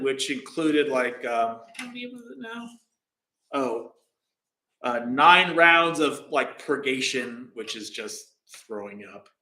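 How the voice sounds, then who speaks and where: Brief: casual male meditation teacher, bright voice, roomy echo, rambling storyteller. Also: mid-range voice. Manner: casual, rambling, many fillers. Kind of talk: dharma talk storytelling.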